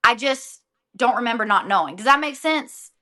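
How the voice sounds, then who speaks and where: Bright-voiced woman singer chatting. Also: on the high side, moderate pace. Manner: animated, laughs often, trails off. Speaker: guest singer. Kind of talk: casual interview chat.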